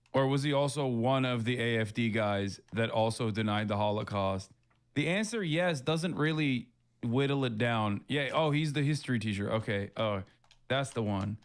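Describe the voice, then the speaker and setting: A man reacts to news clips on a live stream, talking casually and sarcastically. His pitch and volume sit at a middle level, and his asides turn mocking and animated. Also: smooth.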